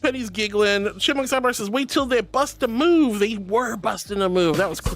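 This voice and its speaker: A woman's voice: on the high side, normal speed, few pauses, music in the background. A woman streaming and reading her chat, bubbly and giggly, calling her viewers sweetie and darling. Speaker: VTuber streamer. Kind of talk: livestream chat.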